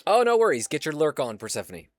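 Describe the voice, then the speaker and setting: Male game streamer, casual and giggly, swears, animated delivery over faint background music. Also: a little high, fast talker, no room sound. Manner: laughs often, swears casually, chats to viewers. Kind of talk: casual live-stream gameplay chat.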